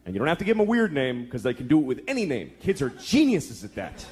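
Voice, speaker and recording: A man's voice: medium pitch, huge pitch swings, quick pace, husky. A man in his thirties doing a crude, exasperated stand-up routine on a club stage, acting out voices. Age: 30s. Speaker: stand-up comedian. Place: comedy club stage with audience. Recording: live club recording, loud crowd laughter.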